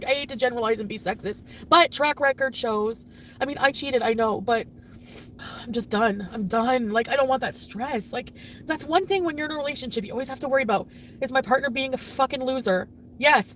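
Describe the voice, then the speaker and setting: A woman venting profanely on a livestream, swinging between shouting and muttering. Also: high voice, distant mic, slight background noise. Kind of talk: emotional livestream rant.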